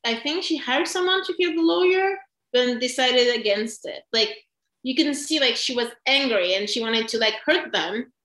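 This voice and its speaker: Woman, casual chat, lots of "like", bright voice, echoey room. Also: high voice, expressive, moderate pace. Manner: thinks aloud with many "like"s. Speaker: podcast co-host discussing a film.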